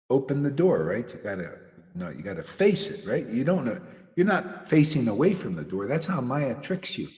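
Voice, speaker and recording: A man preaches in a loose, conversational way, his pitch swinging widely as he jokes, laughs and drops slang. His voice rings out with a long hall reverb behind it. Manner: animated, slangy, laughs often. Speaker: spiritual teacher. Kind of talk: casual devotional talk.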